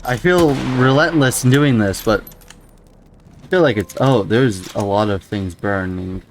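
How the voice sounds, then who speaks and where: A man's voice: lowish voice, measured pace, slight background noise. A man casually commenting on a video game as he plays, rambling and musing aloud with frequent startled exclamations. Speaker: gameplay commentator. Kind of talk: casual let's-play commentary.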